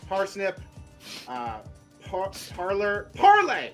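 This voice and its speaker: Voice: medium pitch, sing-song, brisk, a bit bright, soft background music. A player in a tabletop game, fumbling for words and nervously apologetic in character.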